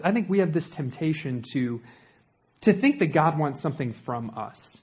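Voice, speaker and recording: A man's voice: a little high, expressive, moderate pace, slightly rough. A young man preaching a sermon in a conversational way, with joking asides to the congregation.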